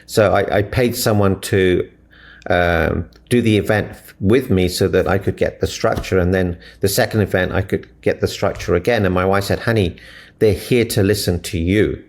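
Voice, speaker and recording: A man's voice: deep voice, normal speed. A man from Africa, a relationship mentor, answering interview questions with earnest, inspirational stories and retold dialogue.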